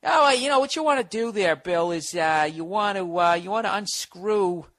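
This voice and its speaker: A man's voice: sits high, animated, moderate pace, a bit bright, dry recording, pitched above the performer's own voice. A man putting on his older father's voice on the phone, fumbling and folksy, getting testy. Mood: calm. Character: mild-mannered older father, gets testy.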